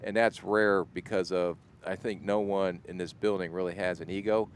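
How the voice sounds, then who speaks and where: A middle-aged man with an Ohio accent, a football executive speaking as a guest in a radio interview, relaxed and self-deprecating. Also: low voice, normal speed, a little hiss or hum. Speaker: NFL general manager guest.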